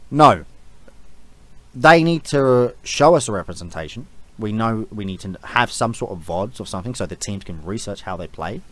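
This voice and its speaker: A man's voice: lowish voice, animated, normal speed, fairly bright tone, no room sound. A man giving a casual, rambling opinion rant as an esports vlogger, blunt and swearing freely.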